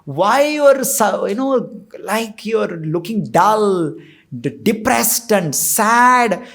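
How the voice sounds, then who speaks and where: A man voicing a gentle queen who asks softly and sweetly whether everything is all right. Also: high voice, animated, slow pace, creaky, full character voice. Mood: concerned. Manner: soft, sweet, questioning.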